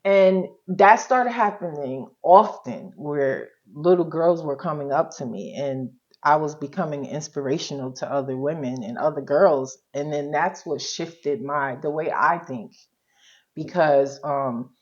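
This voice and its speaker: A woman, a social worker, talking frankly in an interview about her own journey in a relaxed, colloquial way. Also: sits low, unhurried, lo-fi sound. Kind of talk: candid personal storytelling.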